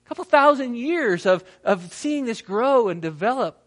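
Guy preaching a sermon, kinda high voice, reads verses and does little voices for quotes, lots of pauses. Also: animated. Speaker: pastor.

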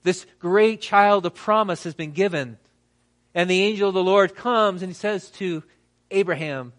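A man preaching a sermon, reading scripture and acting out quotes with dramatic pauses. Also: high voice. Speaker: pastor.

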